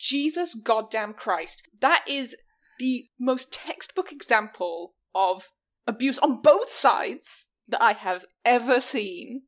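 Ranting, high-voiced young woman. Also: slow. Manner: exasperated, ranting, animated. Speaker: podcast co-host. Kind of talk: casual chat.

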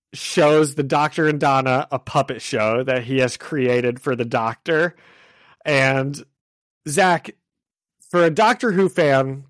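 A young man co-hosting a podcast, recapping a show in an excited, rambling way full of "like". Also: fairly high pitch, no echo. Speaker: podcast co-host. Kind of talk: casual chat.

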